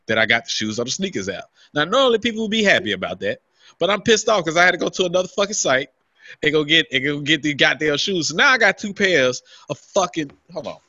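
A man's voice: fairly high pitch, no room sound, lo-fi sound. A man co-hosting a podcast, telling a long, heavily profane rant in casual chat and acting out what people said to him. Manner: animated, swears constantly, acts out his own quotes. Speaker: podcast co-host.

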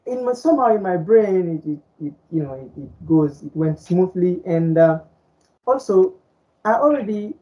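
Soft-toned rambling woman, native Fulani. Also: fairly low pitch, animated, moderate pace, poor audio. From French-speaking Africa. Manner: rambling, many repeated words and fillers. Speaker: podcast co-host. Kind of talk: casual chat.

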